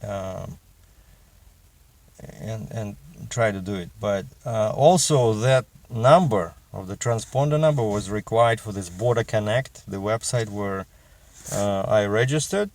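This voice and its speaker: A man's voice: on the low side, a little slow, a little mellow, slight background noise. A middle-aged man with a Russian accent, chatting in a casual vlog as a truck driver and rambling with many fillers and restarts.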